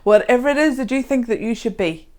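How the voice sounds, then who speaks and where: A woman leading a guided tapping session, speaking slow, repetitive affirmations. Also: on the high side, a little mellow.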